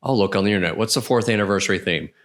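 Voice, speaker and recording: A man's voice: on the low side, very fast, fairly bright tone. A man hosting a podcast, telling a story in casual chat and laughing as he goes. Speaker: podcast host.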